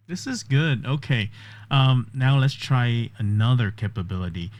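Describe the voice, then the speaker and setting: A man testing an AI voice assistant, chatty and quick to interrupt, with a few voice-over comments. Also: mid-range voice, no room sound. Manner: chatty, interrupts often, laughs easily. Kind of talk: casual talk with an AI and voice-over commentary.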